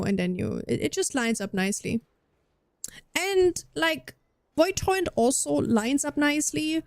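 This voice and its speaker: Her voice sits fairly high, a little mellow, clear and resonant, captured cleanly in a studio with no room sound. She's a young German streamer with a slight Scandinavian touch to her accent, rambling and restarting sentences as she casually talks with viewers during a game.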